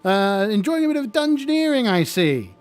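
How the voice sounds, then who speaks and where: Casting: man doing a high, sing-song, fawning undead lich, stammering and polite. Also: sing-song, moderate pace, faint music behind. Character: genial undead blue lich official. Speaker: solo tabletop player.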